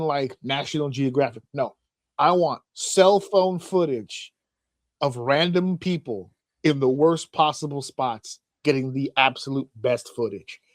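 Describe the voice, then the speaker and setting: A man's voice: a little high, no room sound, studio quality. A man co-hosting a casual podcast, telling funny stories with lots of swearing and acted-out voices. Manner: animated storyteller, acts out voices, swears freely. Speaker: podcast host. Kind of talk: casual comedic chat.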